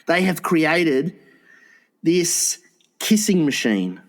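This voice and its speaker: A man co-hosting a crude comedy podcast, excitable, swearing often and laughing a lot. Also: a little high, drawn-out words. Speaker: podcast co-host.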